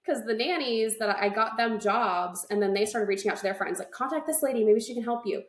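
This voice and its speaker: A woman's voice: on the high side, brisk, a little hiss or hum. A woman, a guest founder telling her story in a casual interview, acting out the people she quotes. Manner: lively, animated retelling with quoted dialogue. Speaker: guest, nanny agency founder. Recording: roomy echo.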